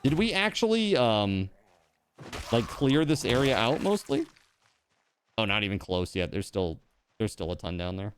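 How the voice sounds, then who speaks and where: A man streaming a video game live, chatting casually and jumping into excited high outbursts. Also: unhurried, pauses often, a little hiss or hum. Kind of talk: live gameplay commentary.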